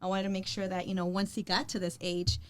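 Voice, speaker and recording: A woman's voice: medium pitch, level tone, fast talker, faint music behind. A woman co-hosting a casual podcast chat, talking earnestly in long run-on explanations. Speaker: podcast co-host and real estate agent.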